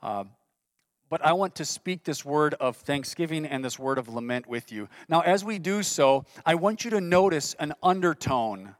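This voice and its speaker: A man's voice: fairly high pitch, animated, moderate pace, dry recording. A man preaching a sermon in an earnest way, reading scripture aloud with rising intensity. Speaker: pastor.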